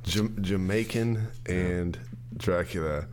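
A man hosting a podcast, chatting in a slow, playful way. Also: low voice, a little mellow, slight background noise. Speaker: podcast host. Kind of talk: casual chat.

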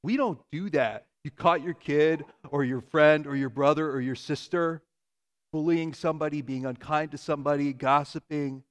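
A man in his thirties, a pastor giving a conversational sermon and telling stories with lively shifts in volume. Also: fairly high pitch. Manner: conversational, animated storytelling with quick shifts in loudness.

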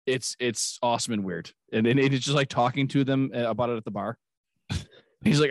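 A man chats casually on a podcast at a middling pitch. He rambles, laughs often and acts out movie scenes as he goes. His voice is close and dry. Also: moderate pace, dry recording. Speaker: podcast host. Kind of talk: casual chat.

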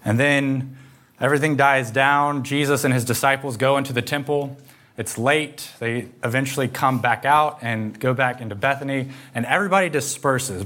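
A man's voice: medium pitch, a bit bright. A man preaching a sermon that retells a story vividly in the second person, acting out the quoted lines.

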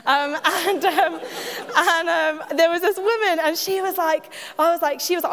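A woman's voice: extremely high pitch, fairly even intonation, normal speed, a bit bright. A woman giving a personal testimony at church, chatty and self-mocking, with frequent laughs and asides to the audience. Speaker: church speaker. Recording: echoey hall.

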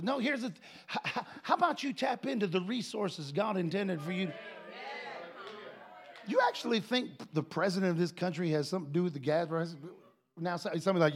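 A man preaching a sermon in a high, gravelly voice. He moves from folksy, joking asides to shouted declarations. His delivery is loose and conversational between the loud peaks. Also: animated, fairly quick. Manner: swings between quiet asides and shouted proclamation.

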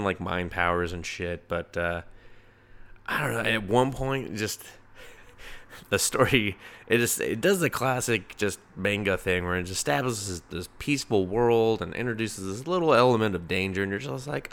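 Profane, rambling man with a lowish voice. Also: a bit bright. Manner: profane, rambling, laughs at his own jokes. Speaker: comic book reviewer. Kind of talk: casual solo review podcast.

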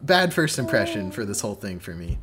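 A man's voice: on the low side, sing-song, a little fast, crowd noise. A man co-hosting a podcast in casual chat, opinionated and analytical, often repeating words as he starts. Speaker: podcast co-host.

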